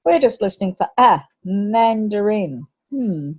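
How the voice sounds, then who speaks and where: Slow, patient woman teaching phonics. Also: mid-range voice, lively intonation, a little mellow, muffled recording. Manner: slow, patient, sounding out letters. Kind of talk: phonics lesson for young children.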